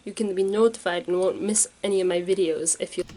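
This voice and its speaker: A woman's voice: fairly low pitch, steady tone, fast talker, dark tone, rough recording. Rambling, unsure young woman vlogger. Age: young adult. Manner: rambling, unsure, filler-heavy. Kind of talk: casual vlog.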